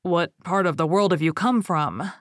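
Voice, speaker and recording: A woman's voice: lowish voice, moderate pace, no echo, clean studio sound, natural voice. A woman voicing a brave young prince in a fairy tale read aloud, plain and resolute. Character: weary wandering young prince, a brave champion.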